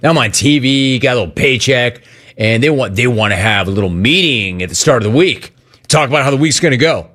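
A man hosting a call-in radio show, his pitch swinging up and down as he tells a story. He talks in a casual, slangy way and reacts to callers with energy. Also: expressive, brisk, a bit bright. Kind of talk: casual sports talk radio.

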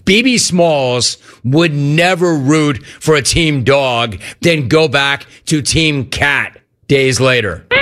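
A man hosting sports talk radio, reading listener messages in an animated, quick delivery. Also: a little high.

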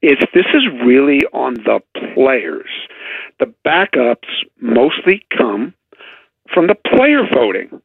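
Gravelly man on a phone line. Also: mid-range voice, sing-song, no echo. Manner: chatty, halting, sarcastic asides. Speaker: baseball writer guest. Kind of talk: casual radio sports chat. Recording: dry tinny phone line.

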